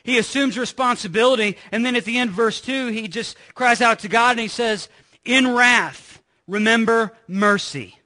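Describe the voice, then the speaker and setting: A middle-aged man preaches a sermon to his congregation in a church, and his voice sits noticeably high. He keeps it conversational, telling a family story and tossing rhetorical questions to the pews. The tone is bright and forward. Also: a little fast, hardly any pauses. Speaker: pastor. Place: church sanctuary.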